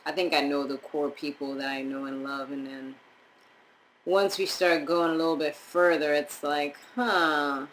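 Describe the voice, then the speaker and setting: A young woman from Montserrat chatting casually as a vlogger, rambling with animated asides. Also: low-pitched, a little slow, slight background noise, low-quality recording. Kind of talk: casual chat reviewing DNA results.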